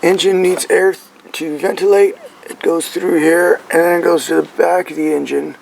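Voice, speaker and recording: Man, gravelly, rambling, keeps asking "right?", casual how-to, outdoors, faint background noise. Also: fairly high pitch, steady tone, normal speed, rough recording. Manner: rambling, checks in with "right?" and "okay?". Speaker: truck owner showing his engine.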